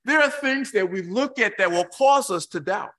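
A man preaching a sermon, reading scripture slowly and emphatically with dramatic pauses, breaking into excitable asides. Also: sits high.

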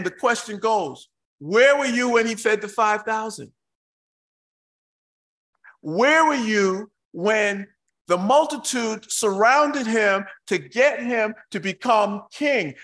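Male preacher, unhurried scripture reading, dramatic pauses, light voice. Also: high-pitched. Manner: excitable asides.

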